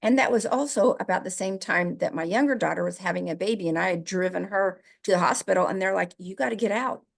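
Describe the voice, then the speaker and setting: A woman's voice: lowish voice, fast, vocal fry, few pauses. A middle-aged woman from the American Midwest, co-hosting a casual podcast conversation, emotional and laughing easily as she talks. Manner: emotional, laughs while talking. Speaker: podcast co-host.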